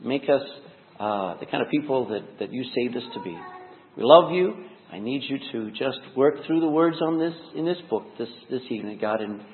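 A man leading a casual evening sermon as pastor, talking in an animated, conversational way with jokey asides. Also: medium pitch, normal speed, a little hiss or hum. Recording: echoey hall, tinny phone-like sound.

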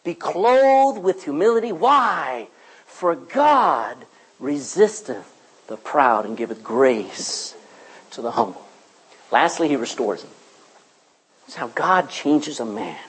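Male pastor mid-sermon in a church, slightly husky tone. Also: on the high side, slow, poor audio. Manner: preaching with animated rises and soft drops.

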